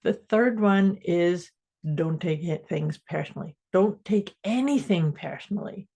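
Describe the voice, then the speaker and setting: A woman's voice: fairly low pitch, measured pace, gravelly, mellow. A woman co-hosting a casual mindset podcast, explaining ideas step by step and laughing easily. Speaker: podcast co-host.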